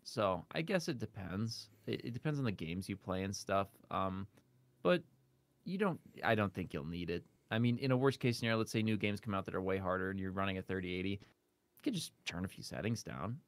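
A man guest on a casual tech podcast, chatty and quick to laugh, with plenty of fillers. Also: sits low, animated, no echo.

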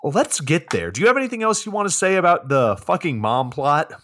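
Podcast co-host, man, lively swearing rant, slightly high voice. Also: a little fast, slight background noise. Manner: animated, profane ranting. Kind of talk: casual movie-review chat.

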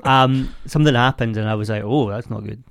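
A man co-hosting a podcast, his voice mid-pitched and easygoing. He speaks in a relaxed, wry way, and the recording is close and dry with no room sound. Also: a little fast, vocal fry, dry recording. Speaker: podcast co-host. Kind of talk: casual chat.

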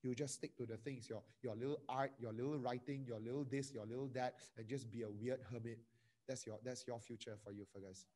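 A man preaching a sermon over a video call, pleading and emotional, his voice swinging from hushed to loud. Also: mid-range voice, steady tone, brisk. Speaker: pastor.

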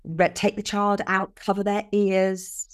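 An older woman, a podcast guest explaining things earnestly with lively emphasis in casual conversation. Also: mid-range voice, unhurried, clear, resonant tone.

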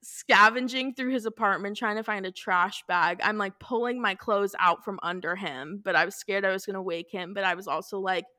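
Young woman, bright tone, animated storyteller, swears a lot, casual podcast chat. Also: mid-range voice, moderate pace, few pauses.

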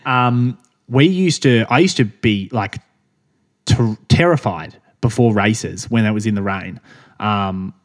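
A man's voice: fairly low pitch, takes it slowly. A young man from Australia co-hosting a podcast in casual chat, rambling with frequent restarts and laughs. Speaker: podcast co-host.

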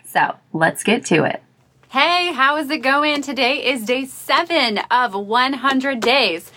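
A woman's voice: high-pitched, lively intonation, slow pace, sharp tone. Upbeat woman hosting a motivational podcast. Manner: upbeat, encouraging storytelling. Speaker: podcast host. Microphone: livestream video recording. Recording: faint music behind, Facebook Live audio.

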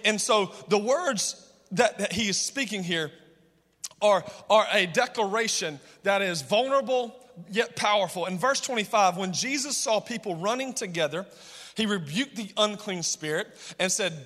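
A man's voice: high voice, moderate pace, bright, forceful tone. A male pastor preaching a sermon, calling on the congregation to respond. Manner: preaching with call-and-response, impassioned. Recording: long hall reverb.

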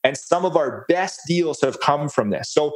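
A man's voice: a little high, animated, normal speed. A man presenting a real estate case study on a webinar, upbeat and folksy, walking through steps. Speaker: guest presenter.

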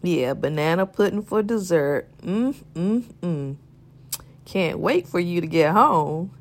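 A woman voices a devout, warm churchgoing wife in an audio drama. She speaks in a slow, unhurried sing-song, dotting her lines with soft hums of agreement. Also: fairly low pitch, expressive. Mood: playful.

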